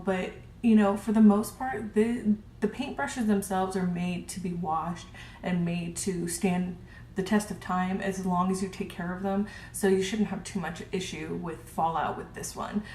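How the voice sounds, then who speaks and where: A woman's voice: medium pitch, steady tone, normal speed, a little mellow. A woman casually reviewing her makeup brushes, gushing and chatty with lots of ums. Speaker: beauty vlogger. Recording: roomy with faint hiss.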